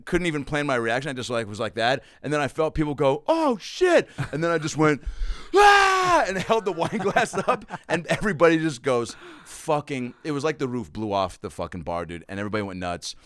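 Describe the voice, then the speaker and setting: Animated man telling a stand-up story. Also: quick pace, few pauses, no room sound, clean studio sound. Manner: animated storyteller, acts out quotes with big pitch jumps. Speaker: comedian guest. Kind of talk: casual storytelling chat.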